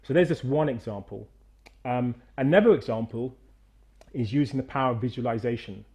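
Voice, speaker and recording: An animated middle-aged man guides listeners through movement exercises over a video call. He talks like a coach and pushes hard through the repeated counts. His voice sits at a medium pitch. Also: a little fast. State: out of breath after exercise. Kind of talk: energetic guided demonstration.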